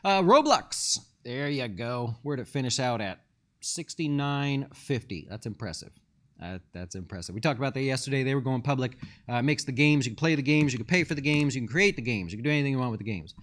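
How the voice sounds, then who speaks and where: A man's voice: mid-range voice, a little fast, a bit bright. A man hosting a live stock market show as a fund manager, reading viewer questions and talking loosely with many fillers and restarts.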